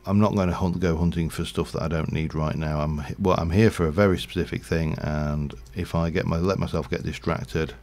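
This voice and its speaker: Speaking fairly quickly with hardly a pause, this low-pitched, slightly mellow man keeps a steady tone. He's from Yorkshire, with a light accent, rambling chattily through a game stream and fixing his words mid-sentence as he commentates casually.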